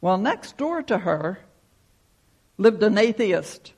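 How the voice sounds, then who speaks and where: A man's voice: sits high, sing-song, slow pace. A man preaching a sermon, telling a folksy story and leading a prayer. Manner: folksy storytelling, acts out shouted quotes. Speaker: pastor.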